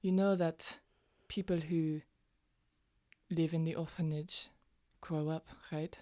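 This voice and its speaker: A woman's voice: sits low, steady tone, slow pace, warm tone, no room sound. A woman voicing a defiant young woman who challenges a bigot with pointed questions. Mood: challenging.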